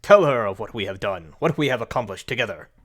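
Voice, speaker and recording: A man doing a booming old giant champion. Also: big pitch swings, quick pace. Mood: hearty. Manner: loud, grand pronouncements. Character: huge elderly male giant champion, proud, booming.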